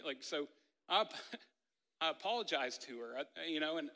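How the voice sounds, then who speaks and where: A man's voice: a little high, lively intonation, moderate pace, pauses often, sharp tone. A man in his thirties preaching a casual sermon, telling a family story with lots of "like" and "right?". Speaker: pastor. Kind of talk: conversational sermon with personal story. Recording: long hall reverb.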